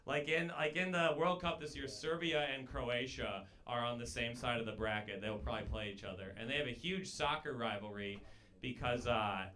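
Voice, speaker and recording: A man performing a stand-up comedy set in a comedy club, deadpan and sardonic, teasing the audience. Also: mid-range voice, moderate pace. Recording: live club with loud crowd laughter. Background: audience laughter.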